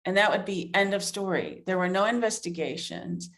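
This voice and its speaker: Speaking at normal speed in a mid-range, slightly bright voice, a middle-aged woman who is an author and investigative journalist answers questions as an interview guest. She's earnest, thinking out loud with fillers and restarts along the way.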